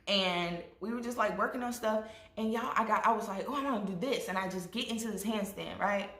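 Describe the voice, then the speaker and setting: A young woman vlogger telling a storytime with lively asides to her viewers, acting out what people said. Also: medium pitch. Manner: animated, addresses viewers as y'all, acts out quotes. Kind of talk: storytime vlog. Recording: echoey room.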